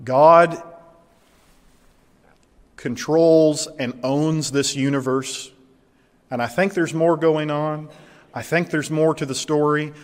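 A man preaching a sermon as a pastor, earnest and emphatic, slowing down to drive home his key points. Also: fairly high pitch. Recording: long hall reverb.

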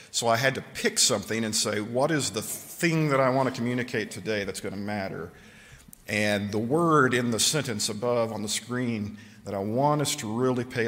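A man's voice: fairly low pitch, a bit bright, in a large hall. A man preaching a sermon in a church, talking conversationally with frequent fillers and restarts. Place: church sanctuary.

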